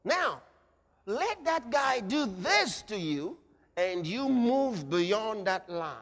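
A male preacher delivering a sermon, dramatic, swinging between hushed passages and shouted ones. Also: high-pitched, sing-song, slow. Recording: reverberant hall.

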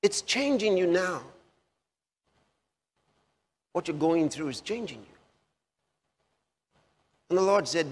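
A man preaching a sermon, slow and repetitive, with emphatic rises on key phrases. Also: a little high, very animated, husky. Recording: long hall reverb.

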